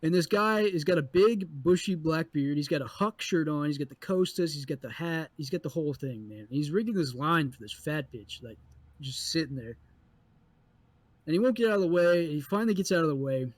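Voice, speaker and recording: Casting note: male podcast co-host, a bit high-voiced, cusses freely, tells stories with animated energy. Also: fairly quick, no room sound. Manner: animated, profane, acts out people in the story. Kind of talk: casual storytelling chat.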